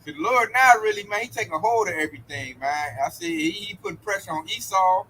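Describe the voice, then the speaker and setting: A man in a casual religious discussion, talking in an animated, slangy way and slipping into quoted voices. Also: high-pitched, fast talker, slight background noise, rough recording. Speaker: discussion participant.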